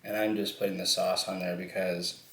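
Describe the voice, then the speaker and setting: A man's voice: low voice, level tone, moderate pace, a bit bright, echoey room. A man in his twenties chatting casually while eating noodles for a mukbang, rambling and joking with some swearing. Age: 20s. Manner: rambling, playful, swears freely. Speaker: mukbang vlogger.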